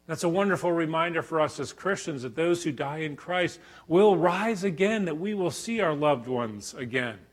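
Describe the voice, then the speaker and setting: A middle-aged man delivers a Bible teaching talk in a somewhat high voice. He speaks with animation and breaks into loud bursts as he acts out quotes. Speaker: professor teaching a church conference session.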